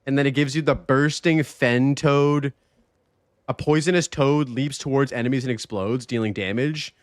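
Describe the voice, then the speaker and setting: A man hosts a live game stream in easy, rambling chat, reacting to his chat and swearing loosely. His voice sits at an ordinary middle pitch and comes through close and dry, with no room sound around it. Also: normal speed, no room sound. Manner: loose and excitable, swears, reads chat aloud. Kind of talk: casual live-stream chat while gaming.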